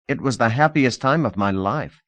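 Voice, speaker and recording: A man's voice: mid-range voice, sing-song, moderate pace, fairly bright tone, no echo, voice pushed up. A man voicing an earnest, cautious young man who was once a beggar, speaking in a plain, careful way.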